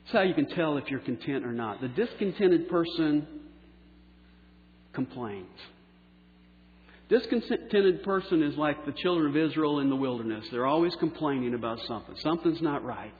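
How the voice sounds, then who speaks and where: A man's voice: on the high side, expressive. Emphatic male preacher in an echoey hall. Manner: emphatic preaching, slowing down for key phrases and trailing off softly. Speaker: pastor. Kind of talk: sermon. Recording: echoey hall on a tinny phone-like line.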